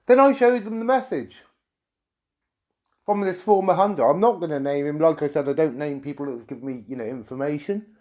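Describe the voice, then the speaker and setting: On dull audio, a middle-aged man from the UK rants angrily at his viewers, a YouTube streamer rambling and swearing through his story. His voice is a little high and a little mellow, and he throws in quick asides to the audience.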